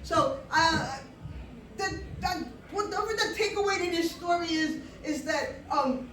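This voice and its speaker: Animated New woman telling a live story. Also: very high voice, a little slow. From Brooklyn, New York. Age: 40s. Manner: animated, comic, frequent restarts and fillers. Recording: roomy, distant live-room sound.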